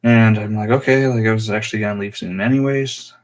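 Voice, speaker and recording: A young man telling a personal story on his vlog in a rambling, halting way full of fillers. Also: fairly low pitch, fairly even intonation. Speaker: vlogger.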